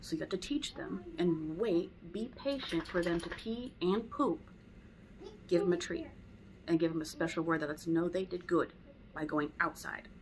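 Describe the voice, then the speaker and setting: A woman's voice: on the low side, moderate pace, a little hiss or hum, low-quality recording. A woman teaching dog training in a casual, conversational way at home. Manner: conversational, acts out dog and owner voices. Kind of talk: casual spoken lesson.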